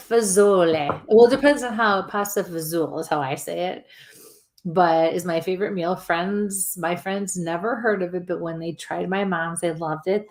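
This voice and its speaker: A woman's voice: low voice, a little mellow. A woman in her forties co-hosting a show in casual chat, laughing often as she talks. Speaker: co-host.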